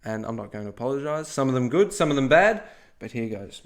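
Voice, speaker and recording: A man's voice: medium pitch, expressive, fast talker. Playful man telling history casually. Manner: playful, jokey asides, frequent "okay?". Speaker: podcast co-host.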